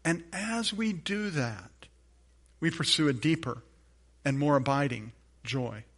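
A man's voice: a little high, lively intonation, a little slow, fairly bright tone. A man preaching a sermon as pastor, emphatic, building on repeated phrases, with light humorous asides to his congregation.

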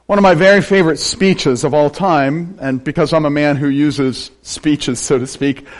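An older man from western Pennsylvania, preaching a sermon with animated delivery and joking asides. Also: fairly high pitch. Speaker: pastor.

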